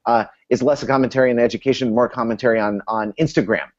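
A man's voice: mid-range voice, fairly even intonation, fast, muffled recording. Hesitant, academic man on a video call. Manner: academic, hesitant, many restarts. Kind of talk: casual analytical discussion.

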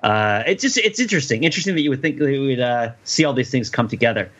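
A man's voice: mid-range voice, animated, quick pace, a bit bright, dull audio. A man co-hosting a casual film podcast, talking in a wry, rambling way and laughing at his own jokes. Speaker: podcast co-host discussing a film. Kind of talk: casual chat.

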